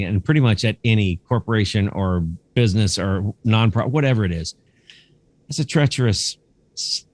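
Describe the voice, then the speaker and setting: A man in middle age tells his stories in a casual, animated way, slipping into the voices of the people in them. His voice sits on the low side. The sound is dry and close, with no room echo. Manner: lively anecdotes, acting out quoted dialogue, casual swearing. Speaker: guest, camera museum curator. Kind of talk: conversational storytelling.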